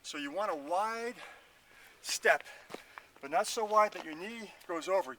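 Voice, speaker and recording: A man talks through his outdoor workout in a bright, forceful voice pitched a bit high. He explains each move casually and pokes fun at himself, panting from the exercise, over a faint hiss of background noise. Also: animated, unhurried, pauses often. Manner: chatty, self-mocking, explains while exercising. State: out of breath. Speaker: fitness instructor. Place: outdoors at a house in the woods. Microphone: filmed by a camera operator.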